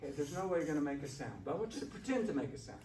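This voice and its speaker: A man's voice: a little high, big pitch swings, racing, mellow. A man talks a group of students through a breathing exercise, easygoing and encouraging. His voice comes from some distance off in a roomy classroom, with a faint hum of room noise behind him. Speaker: shakuhachi teacher. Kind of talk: workshop instruction.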